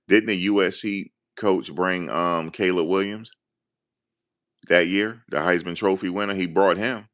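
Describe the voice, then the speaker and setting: A man with a very deep, low voice, talking casually as a sports commentator. He rambles and gets excited, telling stories with lots of energy. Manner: excited, rambling, animated storytelling.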